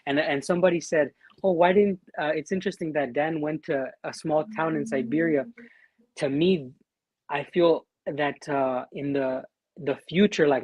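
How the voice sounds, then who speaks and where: Earnest, halting Mexican American man. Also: fairly high pitch, dry recording. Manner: earnest, halting, many restarts. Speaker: guest, war veteran living in Siberia. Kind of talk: casual livestream chat.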